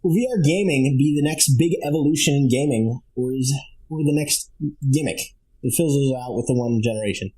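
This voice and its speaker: A male podcast guest with a dark, mellow tone and a slightly husky edge. He talks in an easygoing, conversational way. He thinks out loud and restarts his sentences now and then. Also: mid-range voice, brisk, poor audio. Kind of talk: casual podcast chat.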